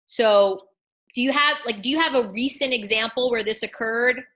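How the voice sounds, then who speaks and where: A woman coaching live on a video call, acting out client conversations in an animated way. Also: fairly high pitch, moderate pace. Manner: animated, acts out dialogue. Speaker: coaching school founder.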